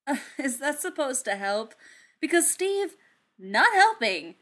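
A woman's voice: sing-song, slow, exaggerated voice. Woman voicing an exasperated, grumbling male inventor. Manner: loud, high-pitched protests. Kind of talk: audiobook character reading.

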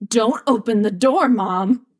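A woman doing a panicky teenage boy with a raised, breathy voice. He drags out his words slowly and yelps and whines like someone always put upon. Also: a little high, darkish tone. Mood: panicked. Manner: panicky and whiny, yelps and curses. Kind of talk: audiobook character voice.

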